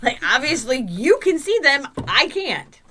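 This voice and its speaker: A woman co-host chats casually, her voice fairly high and swinging widely in pitch. She drops in joking, laughing asides. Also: big pitch swings, unhurried, bright, forceful tone, a little hiss or hum. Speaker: podcast co-host. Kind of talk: casual chat.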